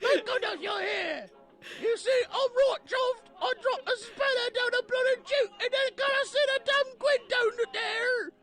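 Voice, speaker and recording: Squeaky frantic game character. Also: female voice, a little slow.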